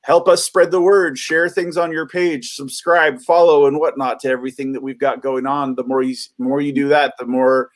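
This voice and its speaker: Upbeat improv referee on a video call. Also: male voice, medium pitch, fairly even intonation, moderate pace, few pauses. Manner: upbeat, hesitant with many fillers. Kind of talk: live improv game hosting.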